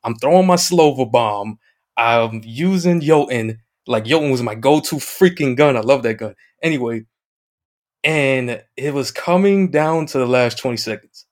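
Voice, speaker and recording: Excitable man telling a gaming story. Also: medium pitch, moderate pace. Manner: excited storyteller, acts out quoted chat, mild swearing. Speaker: guest, video game streamer. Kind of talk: casual anecdote on a podcast.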